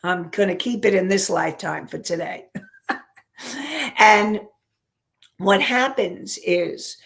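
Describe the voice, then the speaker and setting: A woman's voice: medium pitch, vocal fry. A woman counselor and life coach teaching an online class, repeating and restarting phrases as she works through an example. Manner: unhurried, repeats and restarts phrases while explaining.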